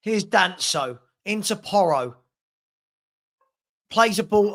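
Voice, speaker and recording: High-voiced exasperated man commentating. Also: a little slow, a bit bright. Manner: exasperated, blunt running commentary; reads out and answers viewer comments. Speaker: fan watchalong host. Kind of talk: live match commentary and chat. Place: at home with a dog.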